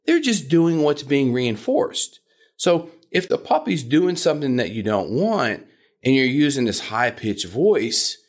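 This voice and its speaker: Hosting his podcast as a puppy trainer, this South Florida man lectures in an instructive monologue, occasionally mimicking shrill-voiced dog owners.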